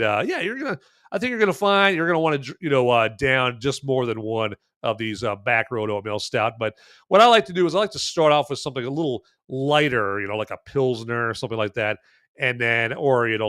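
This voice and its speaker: Here a mid-range male voice moves fairly quickly with a slightly bright tone, captured as clean studio sound without any room ambience. Addressing the camera, he rambles cheerfully through a casual movie-and-beer review, joking around, leaning on fillers and repeating phrases like "okay?".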